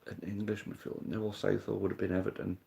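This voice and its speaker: Casual male quiz host, deep voice, mutters and swears as he thinks, chummy with players. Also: flat delivery, racing, vocal fry, warm tone. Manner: thinks aloud, swears casually, calls people mate. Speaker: live-stream quiz host. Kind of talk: casual live-stream chat.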